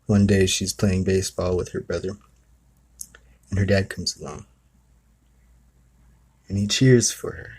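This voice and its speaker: Husky low-voiced man telling a story. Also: level tone, measured pace, long pauses, darkish tone. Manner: rambling, with many asides of "you know" and "okay". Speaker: spiritual talk host. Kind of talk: casual storytelling talk.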